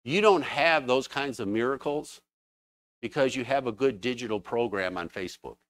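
A man preaching a sermon in a church, telling stories with fervent, animated exclamations. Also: medium pitch, moderate pace.

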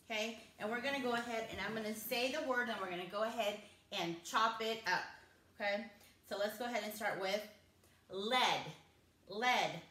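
A woman teaching kindergarten phonics, speaking slowly and clearly, repeating each word and sounding out its letters with encouragement. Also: medium pitch, sharp tone. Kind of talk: phonics lesson for young children. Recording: echoey room.

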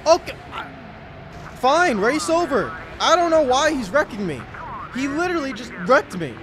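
A young man commenting on his own racing game play, muttering to himself and yelling when things go wrong. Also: extremely high pitch, normal speed, noisy background. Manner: excitable, yells when wrecked, mutters to himself. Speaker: gaming YouTuber.

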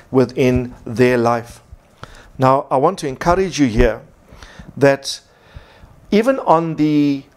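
A man preaching a sermon as pastor, from South Africa, emphatic and repeating his key points. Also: mid-range voice.

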